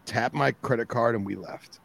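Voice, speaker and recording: A man co-hosting a podcast, telling an animated story in casual chat. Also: mid-range voice, moderate pace, gravelly, no echo. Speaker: podcast co-host.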